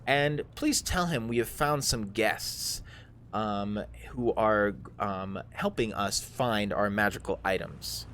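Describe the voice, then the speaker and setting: A man voicing a haughty male dark elf who serves a powerful master, condescending and drawn out. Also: lowish voice, takes it slowly, a little hiss or hum. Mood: commanding.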